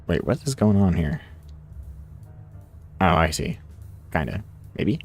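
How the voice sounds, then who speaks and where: Lively low-voiced male game streamer. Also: slow pace. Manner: chatty, laughs often, talks to himself while playing. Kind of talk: casual live-stream commentary. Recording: faint music behind.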